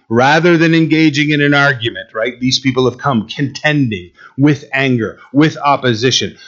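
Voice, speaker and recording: A man's voice: mid-range voice, a bit bright, muffled recording. A man preaching a sermon to a Bible class, emphatic, asking his listeners questions and repeating key phrases. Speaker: pastor teaching a Bible class.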